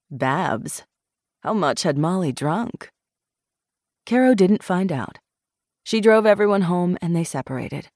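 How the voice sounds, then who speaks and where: Slow, expressive woman narrator. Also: lowish voice, no echo, clean studio sound. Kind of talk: audiobook narration.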